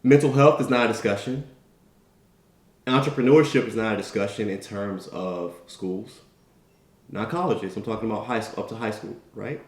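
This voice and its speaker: A man's voice: on the low side, moderate pace. A man giving an emphatic motivational talk. He tells a story and keeps asking his listeners "right?". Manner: emphatic, tag questions, storytelling. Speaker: motivational speaker. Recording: echoey room.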